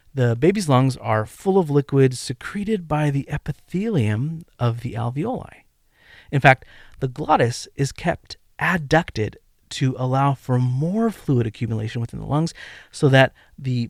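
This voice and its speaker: A man hosting a medical teaching podcast, delivering a scripted lecture in a measured, emphatic way and counting out rhythms aloud. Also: medium pitch, gravelly, dry recording, studio quality. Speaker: podcast host and medical educator.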